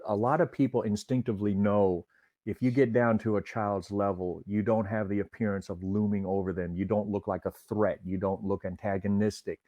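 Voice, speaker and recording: A man's voice: fairly low pitch, dark tone, no echo. A middle-aged man, a retired officer and trainer, earnestly explaining de-escalation in an interview. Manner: earnest instructor, measured with filler restarts.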